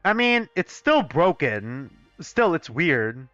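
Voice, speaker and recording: A young man playing through a fan game live, voicing characters in an excitable, swearing, mock-outraged way, on a dull, dry recording. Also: fairly high pitch, slow pace, dry recording, soft background music. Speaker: let's play gamer voicing a fan game. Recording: dull, dry close-mic sound.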